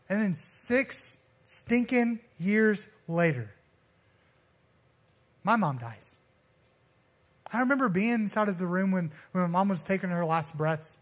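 A young man preaching in a relaxed, conversational way, his voice sitting high for a man. He tells stories with lots of slang and acts out the people he quotes. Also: measured pace, long pauses. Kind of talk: casual sermon.

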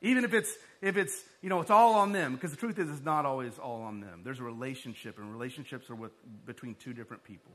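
A man preaching a sermon in a conversational, storytelling way, growing animated as his story builds. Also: mid-range voice, fast talker, hardly any pauses. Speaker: pastor.

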